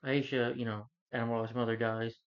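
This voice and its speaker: A man's voice: medium pitch, level tone, a little fast. A man at home recapping a film's plot in a loose, rambling way, full of "you know" and restarts. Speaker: movie reviewer. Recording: dull lo-fi sound.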